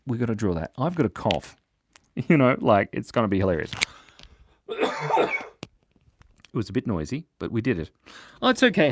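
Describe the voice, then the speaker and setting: Playful man with a lively, bouncing voice. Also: mid-range voice, a little hiss or hum. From Australia. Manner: playful, jumps between loud bursts and mumbled asides. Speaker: livestream drawing host for kids. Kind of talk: casual live-stream chat reading comments. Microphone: mic set in a beard.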